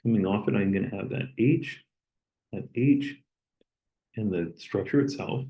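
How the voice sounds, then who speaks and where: A man lecturing, explaining step by step as he draws and pausing on an occasional "okay". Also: lowish voice, creaky, warm tone, poor audio. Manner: plain, step-by-step explaining with okays. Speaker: chemistry lecturer. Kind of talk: recorded lecture while drawing.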